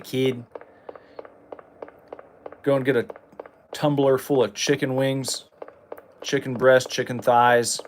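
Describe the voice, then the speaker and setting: A man talks through a horror game in loose, jokey commentary. His pitch sits in an ordinary middle range, and he breaks into sudden excited yelps. A faint hiss of noise runs under the voice. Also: unhurried, pauses often, poor audio. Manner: rambling, jokey, excitable outbursts. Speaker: gameplay streamer. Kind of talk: casual gameplay commentary.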